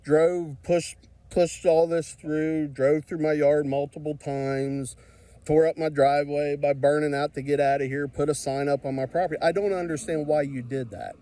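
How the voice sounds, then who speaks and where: Mellow man pressing questions. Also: on the high side, steady tone, normal speed, no echo, rough recording. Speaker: property owner. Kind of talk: heated doorstep confrontation. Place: outdoors by his house.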